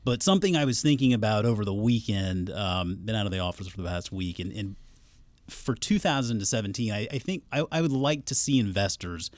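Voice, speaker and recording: A man's voice: lowish voice, expressive, a little fast, no room sound. A man, an investment analyst, chatting casually and thoughtfully, often hedging his points. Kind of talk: casual chat.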